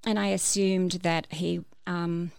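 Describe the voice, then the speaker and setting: A woman's voice: fairly low pitch, level tone, slow, creaky, darkish tone, clean tone, no echo. A woman telling her personal story as a guest, hesitant, with many fillers and restarts. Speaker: podcast guest.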